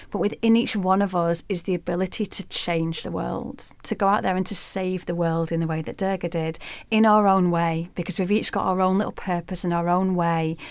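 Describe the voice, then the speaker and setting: A woman guest in an interview, telling a myth as a vivid, expressive storyteller. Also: fairly low pitch, no echo.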